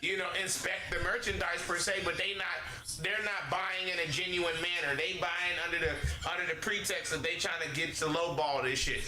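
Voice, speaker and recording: A man's voice: sits high, fairly even intonation, normal speed, bright, forceful tone, faint music behind. A man gaming on stream and ranting casually, rambling and swearing with heavy slang. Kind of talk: casual rant while gaming. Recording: echoey room with noise.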